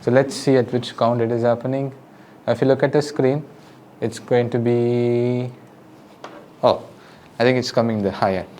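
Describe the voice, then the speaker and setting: A man's voice: mid-range voice, steady tone, fairly quick, a little hiss or hum. A man with an Indian English accent teaching drums in a casual, patient way, counting beats aloud and giving friendly step-by-step instructions. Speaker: drum teacher. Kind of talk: casual spoken lesson. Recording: loud drum music behind the voice. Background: drums and music.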